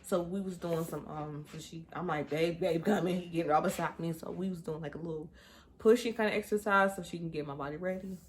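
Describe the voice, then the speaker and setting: A young woman telling her birth story in a casual storytime vlog, animated and candid, talking straight to her viewers and dropping into hushed asides. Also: fairly low pitch, fast talker, slight background noise. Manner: animated and candid, often drops into hushed asides and laughs at herself; talks straight to viewers with frequent y'all.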